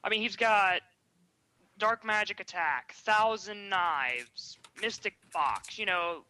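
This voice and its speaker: A man's voice: sits high, slow pace, pushed and bright, a little hiss or hum, low-quality recording. A man co-hosting a casual card-game podcast, talking enthusiastically about his favorite card. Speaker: podcast co-host.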